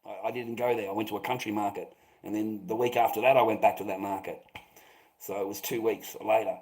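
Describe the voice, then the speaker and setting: A man's voice: lowish voice, fairly even intonation, a little fast, darkish tone, poor audio. A middle-aged Australian man telling a rambling anecdote, swearing often and filling gaps with "rah, rah".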